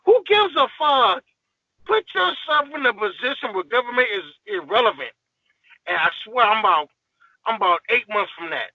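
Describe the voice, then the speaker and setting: A man's voice: high-pitched, no echo, highs cut off. A man guest on a podcast, ranting in a heated, profane, emphatic way in casual talk.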